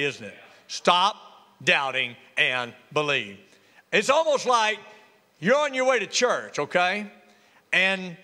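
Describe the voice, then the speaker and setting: Animated, bright-voiced preacher man. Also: high voice. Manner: lively call-and-response preaching with humor. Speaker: pastor. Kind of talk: sermon. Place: church sanctuary. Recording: reverberant church hall.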